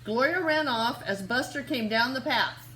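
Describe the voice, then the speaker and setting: A woman teacher reading a picture book aloud to young children, expressive and asking them questions along the way. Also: a little high, moderate pace, a little hiss or hum.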